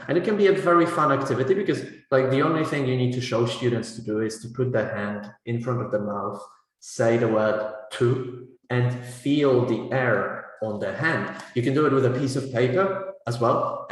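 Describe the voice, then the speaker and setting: Man, teacher trainer, explanatory talk, checks in often, mid pitch, very echoey hall. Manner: explanatory, frequent "right?" and "you know" tags. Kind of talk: webinar talk on teaching pronunciation.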